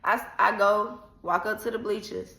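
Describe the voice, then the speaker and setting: A woman vlogger casually retelling a personal story in an animated, slangy, dramatic way. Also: medium pitch, moderate pace. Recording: echoey room.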